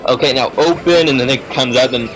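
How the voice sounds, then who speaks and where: A man chatting casually on a gaming stream, animated and slangy, quick to joke and laugh. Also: mid-range voice, low-quality recording. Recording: game music playing behind. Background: game music.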